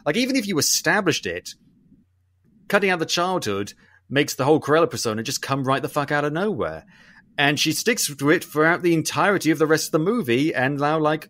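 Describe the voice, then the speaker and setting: A man, co-hosting a podcast and talking through a film review in a long-winded, animated way, swearing casually. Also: fairly high pitch, brisk, dry recording. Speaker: podcast co-host.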